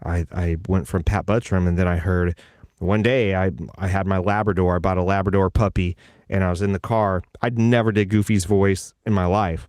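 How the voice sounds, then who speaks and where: A voice actor, a man, chatting casually and telling animated stories, slipping briefly into character voices. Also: sits low, normal speed, no echo, clean studio sound. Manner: animated storyteller who slips into character voices. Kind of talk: casual conversation.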